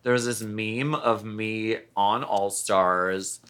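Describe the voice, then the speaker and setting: A campy man co-hosting a podcast, with a low voice that still rings bright and forceful. He drawls his words, stops on plenty of fillers, and sounds loose and casual. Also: fairly even intonation, slow pace, clear, resonant tone. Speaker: podcast co-host. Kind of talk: casual chat.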